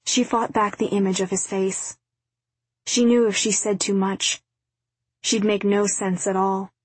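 A woman reading a novel aloud as narrator, in a quiet, even storytelling delivery. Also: mid-range voice, a little slow, husky, no room sound. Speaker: audiobook narrator. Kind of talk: scripted narration.

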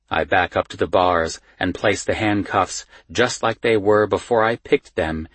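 A man reading a first-person thriller audiobook in a tense, measured storytelling manner on a close studio mic. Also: low voice, a bit bright, breathy edge, no room sound. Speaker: audiobook narrator.

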